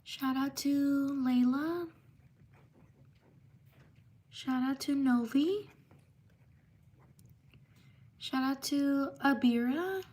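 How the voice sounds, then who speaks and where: A woman hosting a live stream, reading out viewers' names one by one and quickly apologizing for mispronunciations. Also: sits high, a little mellow. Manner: slow, drawn-out name reading with quick apologies. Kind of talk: live stream shout-outs.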